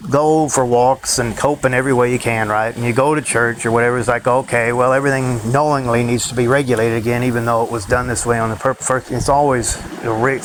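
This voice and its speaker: A man's voice: mid-range voice, low-quality recording. Ranting profane man, faint hiss behind. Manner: ranting, profane, drifts between thoughts. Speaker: vlogger. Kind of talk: rambling monologue.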